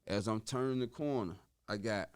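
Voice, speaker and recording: A man telling a story on a podcast in casual street slang, dropping in sound effects like woo and boom. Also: moderate pace, a little mellow, clean tone. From Chicago. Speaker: podcast guest.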